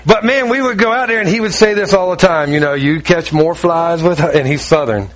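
High-voiced, high-strung preaching man. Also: a little hiss or hum, poor audio. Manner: animated, high-strung storytelling with quick asides. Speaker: pastor. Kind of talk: sermon.

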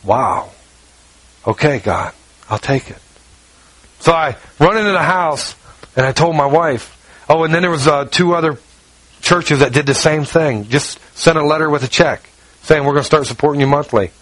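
A pastor preaches a sermon, telling a personal story in folksy fashion, acting out quoted dialogue, reading scripture, and dropping his voice low for asides. He speaks at a normal speed with frequent pauses, and his tone is fairly bright. The recording is dry and rough.

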